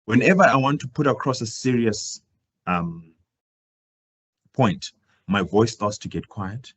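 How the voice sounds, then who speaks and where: A man gives a career talk on public speaking, projecting loudly and swinging his voice up and down to demonstrate. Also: animated, unhurried, husky. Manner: projecting louder than usual, swinging his pitch and volume up and down to demonstrate. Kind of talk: live workshop presentation.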